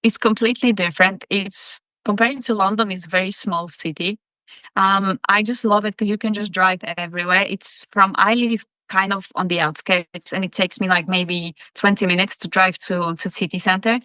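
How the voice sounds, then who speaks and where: A woman in her thirties with a Polish accent talks in an easy, friendly way as a podcast guest. Her voice is bright and clear, with an even middle pitch. The sound is dry and close, with no room around it. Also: normal speed, no room sound. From Poland. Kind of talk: casual chat.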